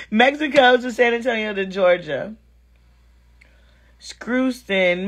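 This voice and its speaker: A woman's voice: a little high, slow pace, pauses often. A woman hosting a casual livestream, talking frankly and with lots of energy, cursing freely and reading viewer comments aloud as she answers them. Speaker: live-stream host chatting with viewers. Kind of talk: casual live-stream chat.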